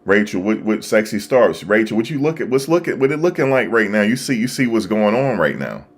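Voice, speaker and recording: A man hosting a live stream, talking casually and excitedly to his viewers, repeating himself as he reacts. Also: on the low side, a little fast. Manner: animated, repetitive, talking to chat viewers. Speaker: livestream host. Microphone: desktop USB microphone.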